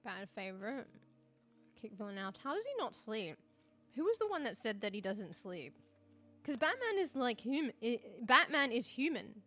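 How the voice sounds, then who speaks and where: A woman's voice: on the high side, sing-song, normal speed, pushed and bright. A woman streaming live, chatting casually with viewers while eating, swearing often. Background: faint music.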